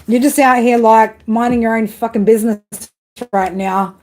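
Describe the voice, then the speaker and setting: A woman's voice: fairly high pitch, moderate pace, a little mellow, slight background noise. Blunt, swearing woman. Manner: blunt, heavily profane ranting. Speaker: tarot reader. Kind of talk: live-stream reading, chatting with viewers.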